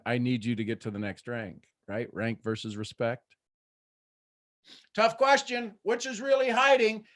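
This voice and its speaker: Male motivational host, high voice, preachy, big swings in energy, dry booth sound. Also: no echo. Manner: preachy, swings between soft asides and loud excited bursts. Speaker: host of a live morning motivational show.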